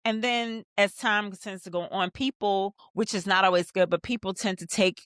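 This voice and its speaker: A woman hosting a rewatch show, recapping a TV episode in casual commentary and acting out the characters' lines, sometimes jumping into high excited bursts. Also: normal speed, no room sound, studio quality. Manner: animated, acts out scenes in quoted voices. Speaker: rewatch podcast host.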